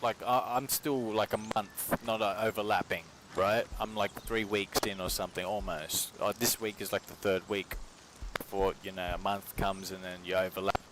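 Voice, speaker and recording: A man's voice: low-pitched, steady tone, moderate pace. Aussie guy streaming from his kitchen, rambly and sweary, lots of noise in the background. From Australia. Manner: rambling, profane, slangy. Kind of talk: casual rambling stream chat. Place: home kitchen while cooking. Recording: noisy home stream audio.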